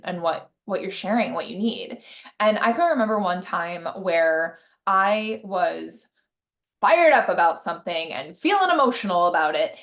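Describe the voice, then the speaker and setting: A woman's voice: mid-range voice, fairly bright tone. Chatty woman relationship coach. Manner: conversational, many fillers and tag questions. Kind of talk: casual teaching to camera.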